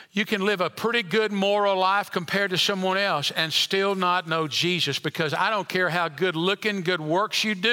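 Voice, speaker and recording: A male preacher with a high, very bright, piercing voice delivers a sermon in a church. He swings from loud, emphatic passages down to soft, near-whispered line endings. The sound carries a long reverb from the sanctuary. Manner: dynamic preaching, rising loud then dropping to near whisper.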